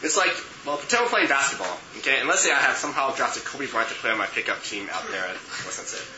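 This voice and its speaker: A man's voice: medium pitch, lively intonation, fast talker, sharp tone. A man leading a youth group lesson in casual teaching talk, often checking in with "okay" and "right". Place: room with a group. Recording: echoey room, muffled, noisy.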